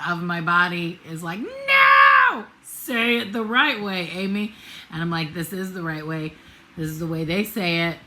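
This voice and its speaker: On the low side yet fairly bright, this middle-aged woman's voice comes through a rough recording with slight background noise. Rambling casually in her vlog about a road trip, she wanders off topic, jokes at her own expense, and uses lots of fillers and restarts.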